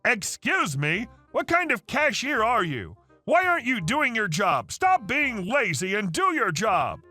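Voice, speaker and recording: A man voicing an entitled woman customer in her early forties who yells and demands. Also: wildly swooping pitch, a little slow, soft background music, exaggerated voice. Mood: screaming, demanding. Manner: shrill, demanding, yelling.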